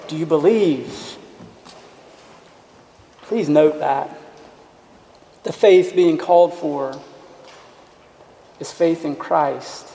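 A man preaching a sermon in an earnest, emphatic way, dropping to quiet asides. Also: a little high, fairly even intonation, drawn-out words, creaky, pauses often. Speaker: pastor. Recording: echoey hall with long reverb.

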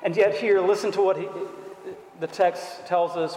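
Preacher, man, high-pitched and unhurried, earnest sermon in a big reverberant hall. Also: darkish tone, slight background noise. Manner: earnest, deliberate, rhetorical questions. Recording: echoey hall.

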